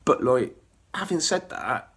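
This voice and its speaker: Husky man ranting. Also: medium pitch, big pitch swings, unhurried, fairly bright tone. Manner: ranting, with filler runs of "duh duh" and "blah blah"; chuckles between phrases. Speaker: webcast host. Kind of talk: rambling casual monologue.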